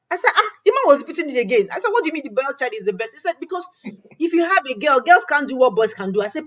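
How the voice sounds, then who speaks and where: Animated woman host, lo-fi sound. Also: high voice, fast talker. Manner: animated, quotes others in acted-out dialogue. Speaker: interview host. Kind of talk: storytelling in a conversational interview. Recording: dull lo-fi audio.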